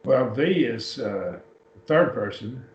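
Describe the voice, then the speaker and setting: A man's voice: mid-range voice, animated, darkish tone, a little hiss or hum. A man teaching a Bible class, explaining Greek word forms step by step as he works a computer. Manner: unhurried, explains step by step while working a computer. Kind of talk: classroom lecture on Greek words. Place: church classroom. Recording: echoey room, distant mic, dull lo-fi.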